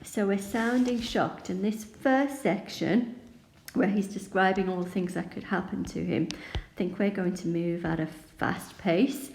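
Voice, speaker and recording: A woman teacher talks through a poem in a slow, unhurried way, calm and explanatory. Her voice is low and mellow. The room around her sounds echoey. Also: vocal fry. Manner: calm, explanatory, reads verse aloud. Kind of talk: poetry annotation lesson.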